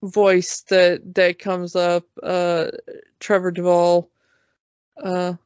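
A lower-voiced woman in a casual podcast chat who talks very slowly and haltingly, with many fillers. The recording is dull and lo-fi, with a dry, close sound. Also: completely flat delivery, a little mellow, smooth, no room sound. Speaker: podcast co-host.

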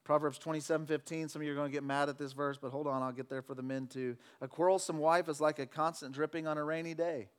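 A pastor preaching a sermon, swinging between loud fervent declarations and relaxed, joking talk with the congregation. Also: male voice, on the high side, fast talker, few pauses, clear, resonant tone. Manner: preaching with loud emphatic shouts, then conversational with jokes.

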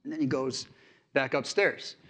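A man's voice: medium pitch, unhurried, a bit bright. A male pastor giving a sermon, telling stories from his family life in an earnest, conversational way.

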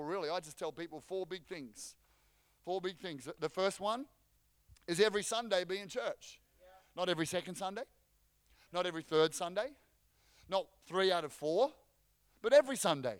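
A man delivers a lively sermon in a high, clear, resonant voice. He jokes with the congregation and restarts phrases as he goes. The sound is close and dry. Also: dry recording. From Australia. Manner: energetic, joking, frequent restarts. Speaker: pastor.

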